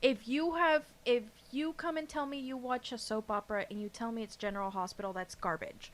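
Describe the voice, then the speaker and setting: A woman co-hosting a casual podcast chat, talking in an animated, emphatic way and swearing freely. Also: a little high, brisk, a little hiss or hum. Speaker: podcast co-host.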